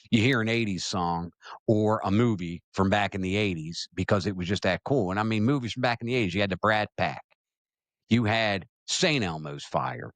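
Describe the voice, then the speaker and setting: A man's voice: lowish voice, a bit bright, no echo. A man from Maryland hosting his own show, talking casually to camera in a chatty, self-deprecating way and reading viewer comments aloud. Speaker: show host.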